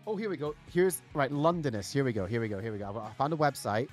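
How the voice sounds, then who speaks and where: A man's voice: medium pitch, lively intonation, fast talker, soft background music. Chatty man co-hosting a podcast. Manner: rambling, filler-heavy, enthusiastic. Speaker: podcast co-host. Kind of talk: casual chat.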